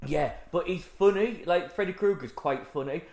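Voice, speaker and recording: A man's voice: on the high side, normal speed, gravelly, darkish tone. Rambling man, echoey room. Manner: rambling, quoting film lines in silly voices. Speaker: podcast co-host. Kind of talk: casual chat.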